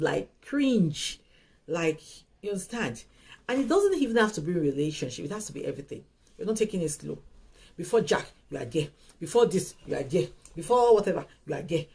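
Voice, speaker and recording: Host, woman; husky, repeats points with emphasis. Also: on the low side, low-quality recording. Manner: animated, emphatic, repeats phrases and restarts. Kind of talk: casual advice talk.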